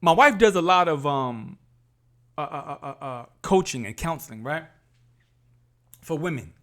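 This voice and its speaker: A man's voice: on the high side, expressive, a little slow, fairly bright tone. A man talks straight to his viewers like a preacher. He is emphatic and candid, leaning on repetition to hammer his points home. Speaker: podcast host. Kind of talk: candid faith talk to viewers.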